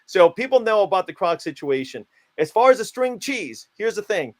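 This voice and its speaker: A man giving playfully absurd, mock-stern interview answers in a deadpan comic style. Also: high-pitched, moderate pace. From United States. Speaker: guest, self-declared country founder.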